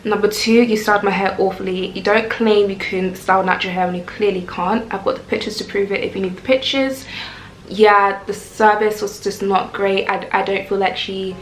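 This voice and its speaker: A young woman, telling a casual storytime rant in a chatty, animated way. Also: medium pitch, moderate pace, a little hiss or hum. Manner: chatty, animated, lots of "like" and "I was like". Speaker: vlogger. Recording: echoey room with faint music.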